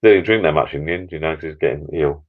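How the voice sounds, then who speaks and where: A man's voice: a bass voice, fast talker, phone-quality sound. An older man hosting a live stream from his backyard bar, chatting in a rambling, sentimental way. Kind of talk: casual chat. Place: backyard garden bar shed.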